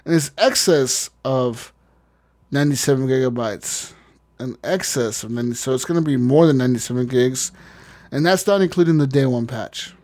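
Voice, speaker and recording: A man's voice: medium pitch, normal speed, a little mellow. A man co-hosting a casual gaming podcast, swearing freely and joking through rambling rants. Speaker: podcast co-host.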